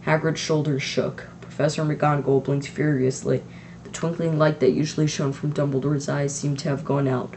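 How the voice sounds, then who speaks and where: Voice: mid-range voice, flat delivery, normal speed, a little mellow. A teenage reader from the US narrating a homemade audiobook in a plain, unpolished voice. A faint hiss runs under the recording. The reader sometimes breaks off to criticise their own reading. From United States. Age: teens.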